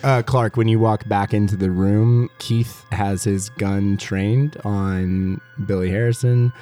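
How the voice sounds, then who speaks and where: Slow, mellow-voiced man game master. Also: on the low side, fairly even intonation, soft background music. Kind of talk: narrating a tabletop game.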